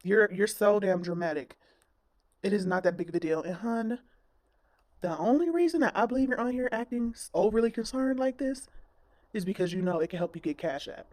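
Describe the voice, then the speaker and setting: A woman's voice: mid-range voice, lively intonation, a little fast, darkish tone, no room sound. Woman commentator, blunt scolding rant, profane, dry close sound. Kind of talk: ranting reaction commentary.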